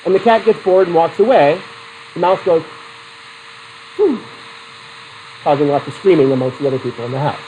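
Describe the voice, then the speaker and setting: Here a middle-aged psychology instructor speaks quickly, his pitch fairly high, as he quizzes students and tells anecdotes with plenty of energy. There's slight background noise, and the recording is rough overall.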